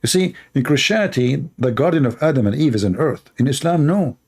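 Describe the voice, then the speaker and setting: A man's voice: medium pitch, expressive, a little fast, darkish tone, slightly rough. A man whose first language is Arabic, with an Arabic accent, hosting his show and mocking a clip in sarcastic, playful commentary. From Middle East. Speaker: show host reacting to a clip.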